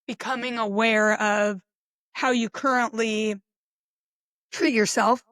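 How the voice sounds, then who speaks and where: A woman with a fairly high voice muses aloud in an open, unstructured reflection. She talks casually and often restarts her thoughts. The sound is dry and close. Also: steady tone, takes it slowly, fairly bright tone, no room sound. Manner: musing, conversational, with frequent restarts and short laughs. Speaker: self-reflection podcaster. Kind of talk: unscripted personal reflection monologue.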